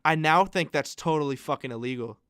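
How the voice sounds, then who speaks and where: Young man, podcast host, casual chat, swears a lot, smooth clear voice, dry close mic. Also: a little high, fairly quick, fairly bright tone, dry recording. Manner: swearing storyteller, acts out other people's lines.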